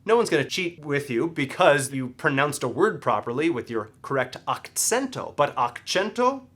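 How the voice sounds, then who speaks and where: A young man teaching a casual language lesson, explaining word meanings in an animated way and stressing syllables for emphasis. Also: on the high side, normal speed.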